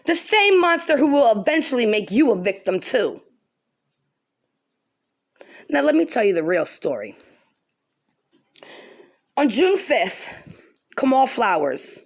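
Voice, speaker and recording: Fired-up woman ranting, high lively voice. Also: slow pace, pauses often. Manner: heated, profane, emphatic, repeats lines for stress. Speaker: vlogger. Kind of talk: angry direct-to-camera rant.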